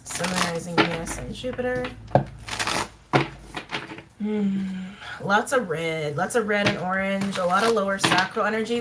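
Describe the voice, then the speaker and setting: A woman giving a casual tarot reading to her viewers, talking in a chatty, musing way with fillers and soft laughs. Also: fairly low pitch. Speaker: tarot reader. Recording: faint background noise and clicks.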